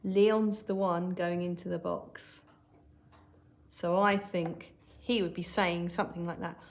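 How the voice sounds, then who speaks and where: Slow, low-voiced teacher woman. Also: little pitch movement. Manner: models example lines aloud slowly while writing. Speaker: primary school teacher. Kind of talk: recorded online lesson.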